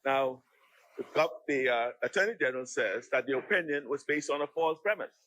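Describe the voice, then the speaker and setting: A man's voice: mid-range voice, brisk, sharp tone, dry recording, rough recording. A man with a Bahamian accent, speaking as a member of parliament in a debate, argumentative and often restarting and repeating his words. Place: legislative chamber.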